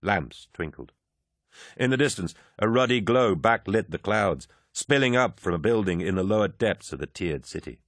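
A man narrating an action-heavy audiobook in a measured, grave delivery. His voice is very deep, and the recording is dry and close with no room sound. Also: expressive, dry recording. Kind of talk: scripted narration.

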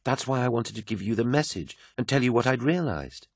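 A man's voice: mid-range voice, animated, fairly quick, breathy edge, no room sound, studio quality, voice pushed up. A man voicing a fervent, devout young woman who preaches earnestly.

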